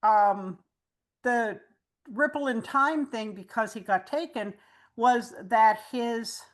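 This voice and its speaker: A woman with a fairly high voice hosts a relaxed fan conversation. She walks listeners through plot recaps at length in an explanatory way. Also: slow. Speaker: host. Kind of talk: casual chat.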